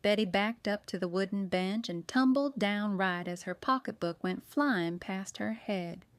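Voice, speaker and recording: Smooth-voiced woman audiobook narrator. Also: mid-range voice, a little slow, dry recording. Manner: expressive, voices each character. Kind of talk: scripted narration.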